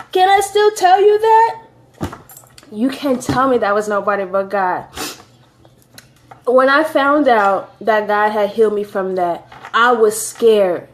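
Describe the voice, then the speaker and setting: A woman's voice: high-pitched, slight background noise. A woman telling her personal faith testimony in an earnest, emotional way, often repeating phrases for emphasis.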